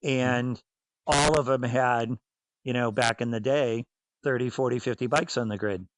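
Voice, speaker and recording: A man's voice: medium pitch, fairly even intonation, a little slow, no room sound, poor audio. A man in his fifties with a Boston accent, a former racer telling stories bluntly in a casual interview. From New England, south of Boston. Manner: blunt, storytelling, acts out voices in anecdotes. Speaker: former racer and team owner.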